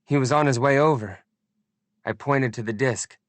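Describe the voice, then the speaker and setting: A man narrating a first-person audiobook in an expressive, deliberate storytelling manner. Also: medium pitch, dry recording.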